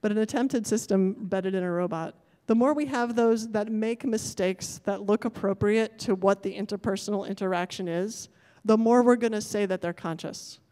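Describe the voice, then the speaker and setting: A woman's voice: mid-range voice, normal speed, mellow. A woman addresses a conference audience from the stage, her voice carrying a long reverb through a large lecture hall. She talks in a thoughtful, searching way, restarting and reworking her sentences as she goes. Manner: thoughtful, self-correcting, apologetic about technical glitches. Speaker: conference speaker. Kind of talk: academic conference talk.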